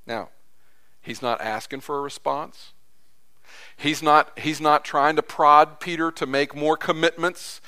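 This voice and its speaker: A man's voice: a little high, steady tone, measured pace, sharp tone, clean tone. A man preaching a sermon as pastor in a conversational way, repeating phrases for emphasis.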